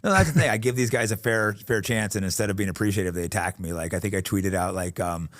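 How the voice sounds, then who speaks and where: A man's voice: lowish voice, quick pace, a bit bright, dry recording, studio quality. A man hosting a podcast, chatting earnestly and adding frequent agreeing murmurs. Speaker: podcast host. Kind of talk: casual podcast chat. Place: podcast studio.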